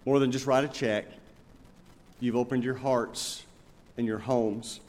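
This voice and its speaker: A male pastor preaching a sermon, telling stories and slowing down to stress his points. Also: mid-range voice, fairly even intonation, a little mellow. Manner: storytelling, emphatic, with slow pointed phrases. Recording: long reverb of a large hall.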